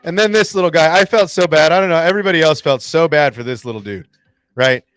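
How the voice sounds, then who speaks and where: A man hosting a fan channel, recapping an episode in casual livestream chat, excitable and acting out lines in voices. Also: on the high side, fast, clean tone, no echo, soft background music. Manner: excitable, acts out quotes in voices.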